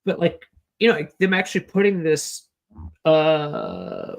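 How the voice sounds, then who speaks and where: Tipsy podcast guy rambling about books, halting, lots of "like". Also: on the high side, huge pitch swings, gravelly. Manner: rambling, halting, many fillers. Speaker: podcast co-host. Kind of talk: casual book discussion.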